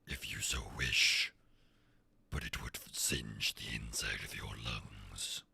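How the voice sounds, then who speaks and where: A man voicing an ancient golden dragon in a tabletop game, speaking in a gravelly, breathy growl with slow, formal aloofness. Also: rumbling low, pushed and bright, slight background noise, voice pushed down, full character voice. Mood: aloof. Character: ancient hookah-smoking golden dragon, haughty.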